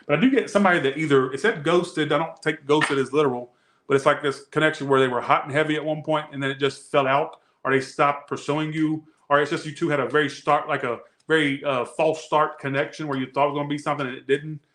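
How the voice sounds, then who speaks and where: A man's voice: fairly high pitch, steady tone, quick pace, fairly bright tone. A man doing a casual tarot reading, chatty and rambling, slangy and often breaking off mid-thought. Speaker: tarot reader.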